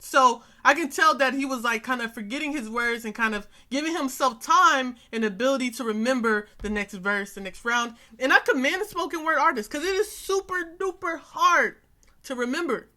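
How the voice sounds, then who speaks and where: A woman's voice: high-pitched, moderate pace, sharp tone. A young woman hosting a reaction video, talking in a casual, earnest way and repeating phrases for emphasis. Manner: frequent "you know what I'm saying" fillers.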